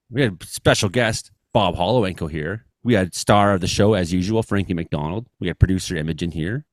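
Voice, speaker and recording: A man's voice: lowish voice, dry recording. A man hosting a radio show with an Ottawa Valley accent, joking and rambling as he wraps up. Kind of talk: casual show banter.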